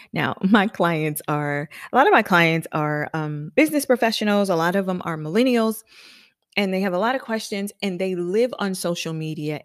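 Low-voiced woman giving salon business tips. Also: dry recording, clean studio sound. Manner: conversational, emphatic, asks listeners "right?". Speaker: salon owner and hairstylist educator. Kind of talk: motivational business podcast talk.

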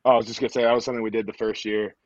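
A young man answering interview questions in a relaxed way, often repeating words. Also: lowish voice, rapid-fire. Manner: relaxed, repeats words, frequent "you know". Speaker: rugby player guest. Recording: dull dry sound, lo-fi.

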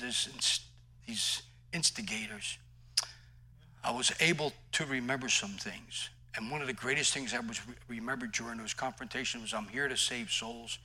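A man's voice: medium pitch, pushed and bright, rough recording. A male pastor preaching a sermon in an emphatic, conversational way, mixing scripture with personal stories.

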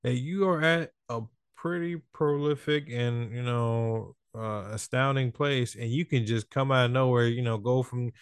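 A man hosting a podcast, talking in an animated, slangy, casual way. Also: medium pitch, measured pace, hardly any pauses, clear, resonant tone, no echo, clean studio sound. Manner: animated, slangy, swings into exaggerated voices. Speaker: podcast host. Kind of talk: casual chat.

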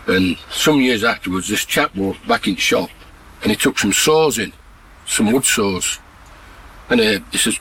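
A man's voice: on the low side, a bit bright, rough recording. A man, a farmer telling blunt, earthy rural jokes outdoors and laughing at his own punchlines. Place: outdoors on a farm in mud and mist. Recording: field recording with background noise.

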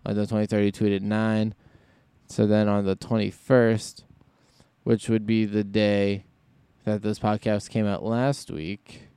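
A man's voice: on the low side, little pitch movement, a little slow, mellow, clean tone, dry recording. Rambling man hosting a solo podcast. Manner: rambling, thinks aloud, self-interrupting. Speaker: podcast host. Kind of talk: casual solo wrestling podcast talk.

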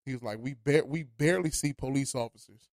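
A man's voice: mid-range voice, a little fast, dry recording. A man from Los Angeles, hosting a podcast studio, talking in a loose, rambling way and often checking in with "you know what I'm saying". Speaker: studio host. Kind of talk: casual podcast chat.

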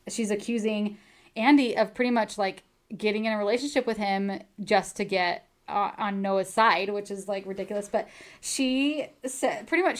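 A woman co-hosting a casual chat, eagerly retelling a book's plot, laughing and acting out the quoted lines. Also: mid-range voice. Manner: chatty, laughs often, acts out quoted lines. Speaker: podcast co-host recapping a book.

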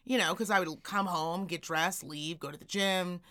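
Speaking at normal speed in a voice on the low side, this woman co-hosts a podcast and tells a long, chatty story. She brings it to life animatedly, voicing each person in it.

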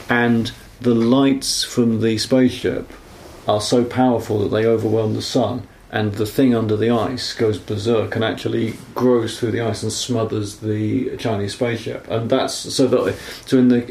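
Gravelly guy chatting films, mellow voice, kinda echoey room. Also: on the low side. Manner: rambling, self-correcting, apologetic about being nerdy. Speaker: podcast co-host. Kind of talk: casual film discussion.

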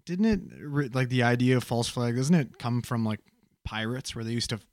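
A man's voice: mid-range voice, normal speed, a little mellow, dry recording, clean studio sound. Loose, profane male co-host. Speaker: podcast co-host. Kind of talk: casual podcast chat.

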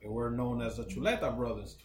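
A man, co-hosting a casual podcast and telling stories with lively voices for the people in them. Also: mid-range voice, fairly quick. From New Jersey, United States. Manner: animated storyteller, swears, slips into voices of others. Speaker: podcast co-host. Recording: echoey room with noise behind.

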